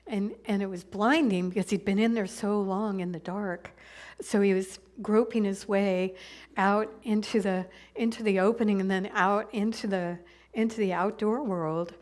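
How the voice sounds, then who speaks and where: Woman minister, storytelling sermon, halting and conversational, middle pitch. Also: darkish tone.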